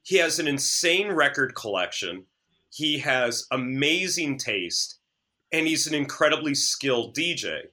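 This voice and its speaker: A man who works as a DJ, chatting as a podcast guest, animated and sarcastic, often stammering as he restarts sentences. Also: medium pitch, measured pace. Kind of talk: casual chat.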